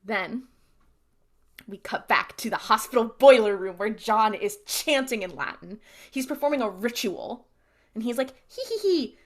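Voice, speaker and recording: A woman's voice: mid-range voice, normal speed. A woman co-hosting a podcast, casually recapping TV episodes in a chatty storytelling way and acting out the characters' lines. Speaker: podcast co-host.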